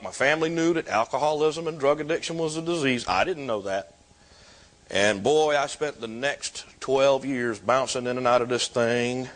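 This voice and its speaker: A man in his fifties who speaks a touch higher than most men. He tells his own recovery story with animated delivery and self-mocking humor. It sounds like a personal testimony.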